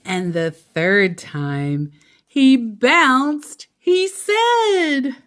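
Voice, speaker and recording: A woman reading a picture book aloud to a child in an expressive, playful way. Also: sits high, very slow. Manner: expressive, playful, laughs along. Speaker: storyteller.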